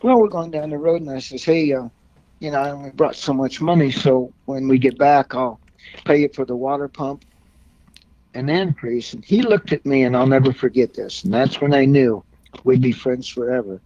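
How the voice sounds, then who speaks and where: A man's voice: mid-range voice, normal speed, warm tone, no echo. A man in his sixties, a car club member, telling long rambling anecdotes in a folksy, casual way with mild swearing. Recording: dull lo-fi recording.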